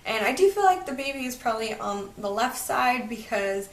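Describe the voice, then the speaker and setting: A young woman chats brightly and eagerly, with a somewhat raised voice, in a casual vlog from her home. She sits back from the microphone, so her voice carries a roomy, echoey ring. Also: on the high side, expressive, normal speed, distant mic. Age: 20s. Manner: bubbly and chatty, heavy use of "super duper". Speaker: vlogger. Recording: roomy, away from the mic.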